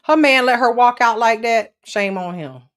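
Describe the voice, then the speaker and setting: A woman's voice: on the high side, normal speed, a bit bright. Dry, sarcastic woman panelist. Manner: dry, sarcastic, pushes back. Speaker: co-host panelist. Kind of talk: heated casual debate.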